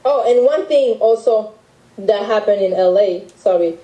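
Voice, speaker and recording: Bright French-accented woman, dark voice. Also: mid-range voice, echoey room, rough recording. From France. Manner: halting, with many restarts and fillers. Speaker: guest telling her story. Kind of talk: emotional personal account.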